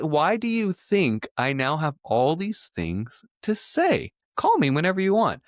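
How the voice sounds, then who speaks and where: A young man co-hosting a podcast, telling lively stories in a relaxed casual conversation. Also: on the high side, normal speed, hardly any pauses, no echo, clean studio sound. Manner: lively storyteller, says he prefers listening. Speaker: podcast co-host.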